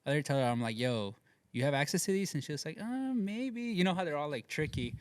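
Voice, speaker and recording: In a studio, a man with a fairly high, clear, resonant voice races through street stories in casual chat. He acts out quotes animatedly, full of slang and swearing.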